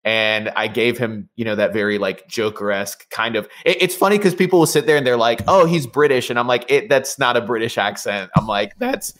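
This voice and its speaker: A man's voice: medium pitch, fairly quick, few pauses, fairly bright tone. A young adult man, a voice actor guest, talking casually in an interview with many fillers and restarts.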